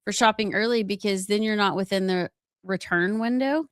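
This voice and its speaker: A woman's voice: medium pitch, moderate pace, clear, resonant tone, no echo, studio quality. A middle-aged woman, co-hosting a radio show and chatting with an easy laugh. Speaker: radio co-host. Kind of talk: casual studio chat. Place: radio studio.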